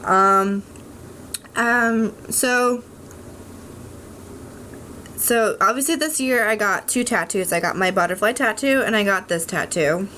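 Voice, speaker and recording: A woman's voice: mid-range voice, slow, long pauses, pushed and bright, a little hiss or hum. A young adult woman vlogging at home, talking candidly to camera in a rambling way, with many ums, restarts and frank swearing. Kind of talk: candid casual talk to camera.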